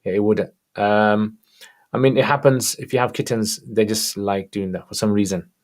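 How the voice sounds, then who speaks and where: A man answering religious questions on a livestream, reading each viewer question aloud and replying in a casual, relaxed way. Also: on the low side, normal speed.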